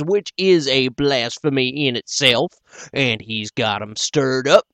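A man doing a loud, hostile mob leader. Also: mid-range voice, no room sound, pitched above the performer's own voice, lightly acted. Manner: loud, blunt and impatient. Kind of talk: audiobook character voice.

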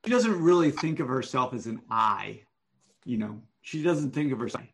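A man giving one-on-one manuscript feedback over an online call, explaining deliberately and thinking aloud. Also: medium pitch, expressive, vocal fry, fairly bright tone, a little hiss or hum. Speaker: writing coach.

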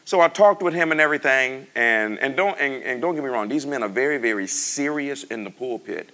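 Gravelly-voiced man preaching a story. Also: brisk. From United States. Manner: animated storytelling, voice jumps high and loud when excited. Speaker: pastor. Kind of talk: sermon storytelling.

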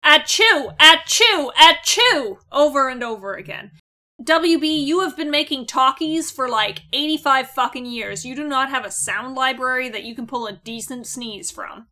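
High-pitched snarky woman cohost, cusses a lot, bright edgy voice. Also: normal speed. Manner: sarcastic, swears freely. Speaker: podcast co-host. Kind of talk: casual chat reviewing a cartoon episode.

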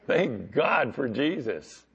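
A man preaching as pastor, talking conversationally and swinging between loud emphasis and quiet asides. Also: medium pitch, sing-song, drawn-out words, gravelly, slightly rough, highs cut off. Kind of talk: sermon.

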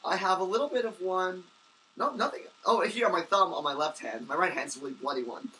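A young man co-hosting a podcast, telling a story in casual chat with excitable rambling and many restarts. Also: high-pitched, brisk, far from the mic, a little hiss or hum, low-quality recording. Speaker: podcast co-host.

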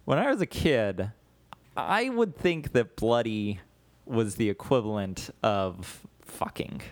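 A man's voice: lowish voice, takes it slowly, no echo. A man co-hosting a casual comedy podcast, riffing playfully and animatedly. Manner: playful, animated, riffs with jokes. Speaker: podcast co-host.

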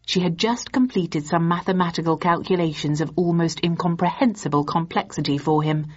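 A woman reads a novel aloud in an even, measured way, her voice husky and pitched on the low side. The recording sounds dull and lo-fi, like an older audiobook. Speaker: audiobook narrator. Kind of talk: scripted narration.

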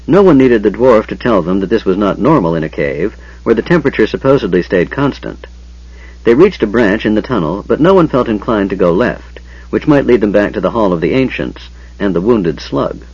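A man reading a fantasy audiobook aloud in an expressive, dramatic storytelling manner. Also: lowish voice, fairly quick, husky, no echo. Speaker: audiobook narrator. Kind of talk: scripted audiobook narration. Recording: dull lo-fi audiobook recording.

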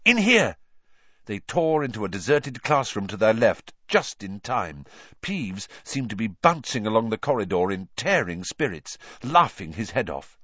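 Guy narrating an audiobook, lively ups and downs, dry kinda muffled audio. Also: on the low side, normal speed, no echo. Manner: lively, dramatic reading with character voices.

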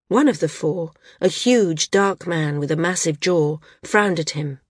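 A woman narrating a novel audiobook in a steady storytelling manner. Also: deep voice, normal speed, few pauses, no room sound, clean studio sound. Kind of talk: scripted narration.

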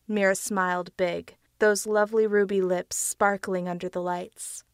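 A woman narrating a dark tale for an audiobook in a measured reading. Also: medium pitch, level tone, no echo, clean studio sound. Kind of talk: storybook narration.

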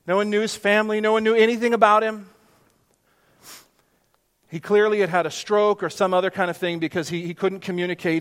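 High-voiced pastor preaching in a reverberant hall. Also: male voice. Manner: earnest, with sudden soft hushed drops for emphasis. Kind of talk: sermon.

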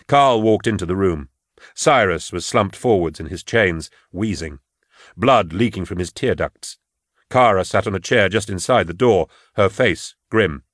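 A man narrating an audiobook in a measured, even storytelling manner on a close mic. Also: low voice, no echo. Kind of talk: audiobook reading.

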